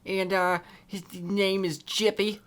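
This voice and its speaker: A man's voice: high voice, little pitch movement, takes it slowly, fairly bright tone. A man voicing a doting middle-aged pug owner who gushes and rambles about the dog.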